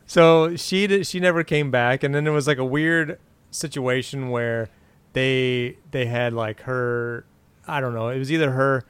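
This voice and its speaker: A man in his forties, chatting casually and rambling through old TV trivia. His voice is smooth and resonant, recorded dry and close with no room sound. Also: mid-range voice, measured pace, a bit bright, no room sound. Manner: rambling, recounts trivia with frequent fillers and restarts. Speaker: podcast co-host. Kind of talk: casual chat about an old TV show.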